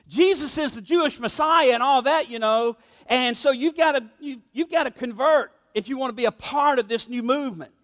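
High-voiced man preaching in a reverberant church. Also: fairly bright tone. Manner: emphatic, conversational, acts out quotes. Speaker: pastor. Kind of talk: sermon.

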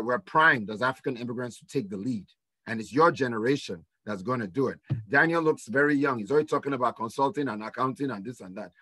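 Bright-voiced Nigerian man, dry sound. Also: mid-range voice, no echo. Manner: earnest, rambling with restarts. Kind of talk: panel discussion.

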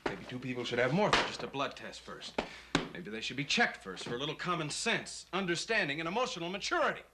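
A man's voice: on the high side, lively intonation, fast talker, background noise, lightly acted. A man playing a dry, unruffled young lawyer husband. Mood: stern. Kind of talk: 1960s film comedy acting.

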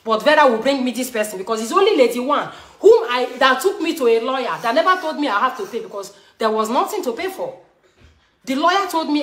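A woman's voice: high-pitched, animated, fast talker, a bit bright. A woman from Edo State in Nigeria with a Nigerian English accent, talking heatedly and repetitively to her viewers as a show host. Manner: emphatic, scolding, repetitive. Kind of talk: heated live talk to viewers. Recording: roomy echo.

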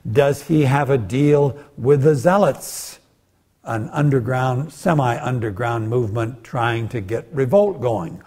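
An older man lectures on scripture, with a husky, slightly breathy voice at an ordinary middle pitch. He tells the story like a storyteller, animated and often jumping into the voices of the people he describes. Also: takes it slowly. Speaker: guest lecturer. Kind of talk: bible lecture.

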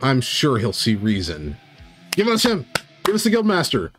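A man's voice: medium pitch, huge pitch swings, moderate pace, over music. A man voicing a pushy, argumentative tiefling woman adventurer who keeps demanding the manager, in a tabletop story. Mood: indignant. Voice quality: indignant, demanding.

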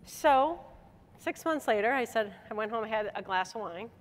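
A woman's voice: on the high side, normal speed. A middle-aged woman from Michigan giving a motivational speech to a convention, telling a personal story with laughs and acted-out dialogue. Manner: animated, laughing, acts out dialogue. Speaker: convention speaker. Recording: hall reverb on a stage talk.

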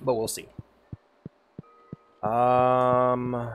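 A man's voice: mid-range voice, animated, moderate pace, faint music behind. A man streaming a farming game, chatting casually, humming to himself, reading lines aloud and swearing freely. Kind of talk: casual gameplay commentary.

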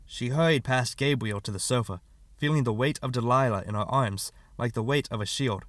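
A man narrating an audiobook in a measured, steady reading. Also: medium pitch, no echo. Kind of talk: scripted narration.

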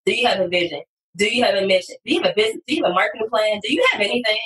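A woman guest on a podcast, talking about copywriting in an animated, emphatic way with sudden loud bursts. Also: mid-range voice, racing. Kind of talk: casual podcast conversation. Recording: distant, echoey room sound.

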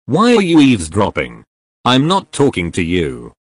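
A brash, hot-tempered young hero, voiced by a man in a fan audio drama, growling crude insults in a low voice. His delivery swings widely in pitch, and the sound is close and dry. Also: wildly swooping pitch, normal speed, slightly rough, dry recording, exaggerated voice. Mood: gruff.

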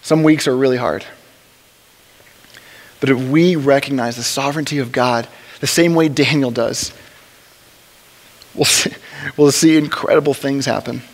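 A man teaching a church Bible study in a relaxed, conversational way, with joking asides and frequent restarts. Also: mid-range voice, unhurried, long pauses. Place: church hall. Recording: long reverb of a large hall.

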